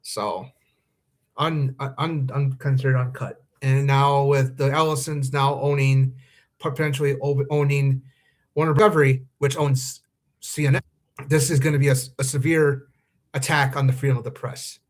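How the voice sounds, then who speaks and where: A man's voice: mid-range voice, fairly even intonation, normal speed. A man hosting a live fan podcast, talking earnestly and anxiously, with many ums and restarts. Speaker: podcast host. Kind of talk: live-streamed commentary monologue.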